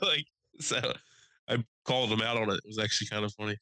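A young man co-hosting a podcast, telling animated stories with lots of swearing, acting out quotes in a raised voice. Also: mid-range voice, fast talker, no room sound, rough recording. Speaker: podcast co-host. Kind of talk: casual storytelling chat.

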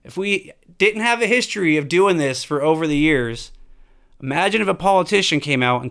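A man's voice: a little high, animated, a little fast, vocal fry, fairly bright tone, clear, resonant tone. A man giving an emphatic, profane opinion monologue full of rhetorical questions.

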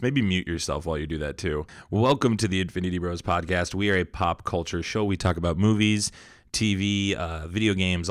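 Deep-voiced podcast host, dry studio sound. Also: male voice, no room sound. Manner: upbeat, chatty welcoming host patter. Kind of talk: casual pop culture podcast chat. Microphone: studio microphone.

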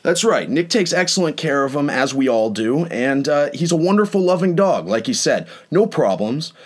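A young man hosts a casual chat and spins an anecdote with a lot of movement in his voice. His pitch sits slightly high and leaps up whenever he acts out what someone said. He talks in an animated, dramatic way. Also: moderate pace. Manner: animated, dramatic retelling with rising pitch on quotes. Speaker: host.

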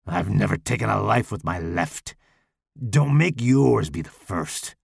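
A low, gravelly growl from a hulking, deformed killer, as a male narrator puts him on. He taunts in a slow, crude drawl, with a gravelly rasp and a voice that swings widely in pitch. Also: animated, dry recording, clean studio sound, full character voice. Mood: menacing taunting.

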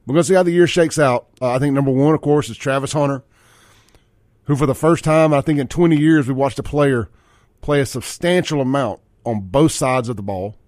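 A man's voice: fairly quick, darkish tone, dry recording, studio quality. A man hosting a radio talk show, chatting about sports in a folksy, opinionated way and getting worked up as he rants. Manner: folksy, worked-up rants, pitch climbing when riled. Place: radio studio. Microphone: studio microphone.

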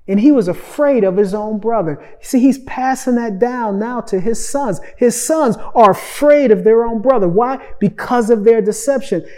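Slow, dark-voiced male preacher. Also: high-pitched. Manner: swings from loud emphatic preaching to soft near-whispered asides; repeats phrases for emphasis, addresses listeners with "Listen". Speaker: pastor. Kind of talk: sermon.

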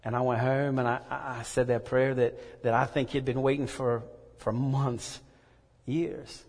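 A man preaching a sermon and telling a personal story, earnest and halting, often repeating words. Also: medium pitch, flat delivery, a little mellow. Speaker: pastor. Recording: echoey hall reverb.

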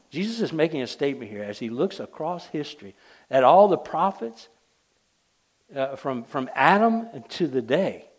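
A man preaching a sermon, driving points home and then dropping to a hush. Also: a little high, very animated, moderate pace. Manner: emphatic, swings between loud declarations and hushed asides.

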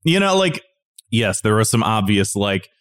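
A podcast co-host chats casually and rants with lots of swearing, sounding exasperated. His fairly low voice is sing-song and a bit bright at normal speed, recorded dry with studio quality.

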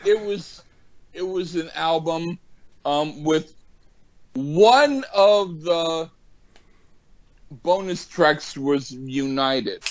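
A man co-hosting a podcast in casual banter, swearing a lot and yelling at his friends in jest. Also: on the high side, drawn-out words, pauses often, muffled recording. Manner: profane, excitable, yells in jest. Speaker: podcast co-host.

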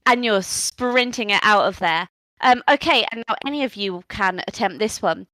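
A woman narrating a tabletop role-playing game as game master, lively and playful. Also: medium pitch, normal speed, dry recording, low-quality recording.

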